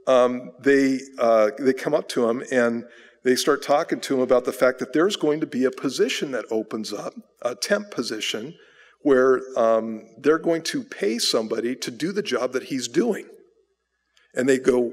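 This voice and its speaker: A man preaching a sermon as pastor, telling a story in a lively, animated way and acting out the people in it. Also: medium pitch, normal speed. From United States. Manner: animated storyteller, acts out quoted people, chuckles. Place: church sanctuary. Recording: long hall reverb.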